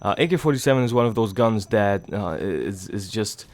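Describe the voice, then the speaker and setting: A young man with a stuffy nose from a cold, giving rambling, casual gameplay commentary in a hushed low voice so he won't wake anyone at home. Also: lively intonation, normal speed. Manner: hushed low voice to avoid waking others; rambling, many fillers, swears casually. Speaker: gaming channel host. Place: home, early morning.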